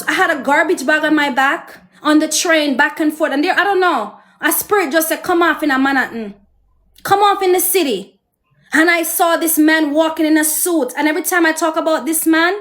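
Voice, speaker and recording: High-voiced Jamaican woman telling her story. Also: a bit bright. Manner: emotional, preachy, addresses viewers directly. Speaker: host. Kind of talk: personal storytelling to viewers.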